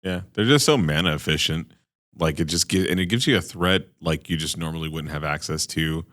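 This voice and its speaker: Male co-host, extremely low pitch, easygoing, repeats himself. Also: fairly quick, a bit bright. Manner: laid-back, repeats short phrases. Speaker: podcast co-host. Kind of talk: casual chat.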